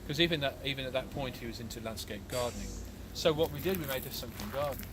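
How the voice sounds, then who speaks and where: A man's voice: medium pitch, fast, background noise. Chatty man guiding a tour. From Birmingham, England. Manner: chatty, explanatory, with fillers. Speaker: tour guide. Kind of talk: casual guided walking tour. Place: outdoors and indoors on a large country estate.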